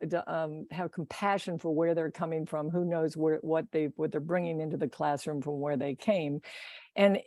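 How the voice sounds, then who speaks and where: A woman with a soft, mellow voice talks through her experiences as a podcast guest, recorded dry with no room echo. She meanders, trims her own sentences mid-thought and breaks into frequent laughter. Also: lowish voice. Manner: rambling, self-correcting, laughs often. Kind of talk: casual conversational interview.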